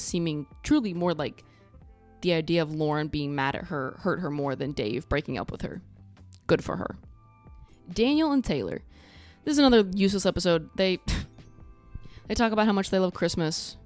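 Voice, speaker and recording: A woman recapping a reality show in a casual vlog, blunt and sarcastic, swearing freely. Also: lowish voice. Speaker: TV recap vlogger.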